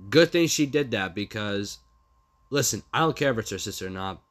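A man's voice: fairly low pitch, lively intonation, moderate pace, fairly bright tone. A young man vlogging casually, rambling and repeating himself with hesitant restarts as he talks through messages. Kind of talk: casual commentary reading out text messages.

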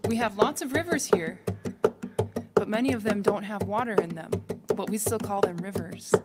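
A woman from New Mexico, a singer-songwriter, chatting and telling a quick story between songs at a live concert. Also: medium pitch, very noisy. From New Mexico, USA. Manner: soft-spoken, quick storytelling. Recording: loud music playing behind. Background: instrumental music.

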